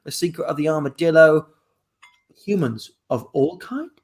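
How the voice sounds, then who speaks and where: A man's voice: a little high, animated, moderate pace. A man hosting an improvised comedy livestream, reading out suggestions in a playful, rambling way. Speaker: improv show host.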